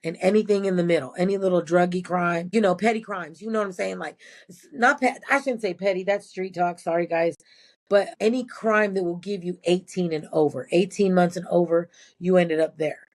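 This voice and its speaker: Lowish-voiced woman, blunt and profane, telling prison stories in a chill interview. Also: brisk. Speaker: former prison nurse, guest. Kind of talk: casual interview storytelling.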